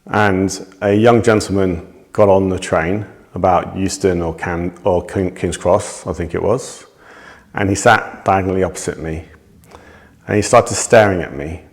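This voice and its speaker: A man with a deep, low voice tells of something that happened to him. He speaks in a measured, steady way, with a few small restarts as he thinks. The delivery stays plain and unhurried throughout. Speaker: witness giving a testimony. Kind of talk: recounting a personal incident to camera.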